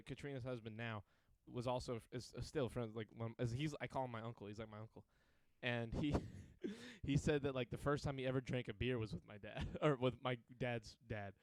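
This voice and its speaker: A man's voice: mid-range voice, dry recording. A young man hosting a podcast, telling rambling, profane stories in casual chat and laughing often. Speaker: podcast host.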